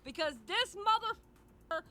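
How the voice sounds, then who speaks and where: A woman streamer reacting live to a video, with loud, animated and profane outbursts. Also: extremely high pitch, measured pace.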